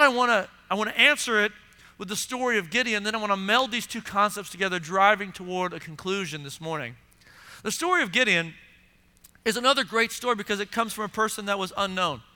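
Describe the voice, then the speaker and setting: A man's voice: sits high, smooth. A man preaching a sermon in a church and acting out the voices of onlookers. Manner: animated preaching, acts out voices of listeners. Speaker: pastor. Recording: long hall reverb.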